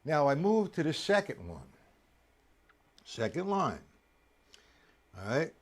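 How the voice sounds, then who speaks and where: A man teaching drums on a live stream, chatty and coaxing, counting beats aloud with loud accents on the downbeats. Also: a little high, very animated, takes it slowly. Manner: chatty, coaxing, addresses viewers directly. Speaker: drum teacher. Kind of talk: live-streamed drum lesson.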